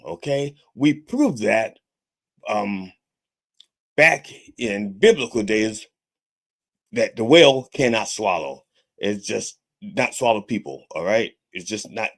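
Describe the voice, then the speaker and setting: A man hosts a podcast as a mock reverend, cursing freely through a comedic monologue. His pitch rises and falls with animation, and he keeps checking in with the listener by asking okay. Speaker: podcast host styled as a reverend.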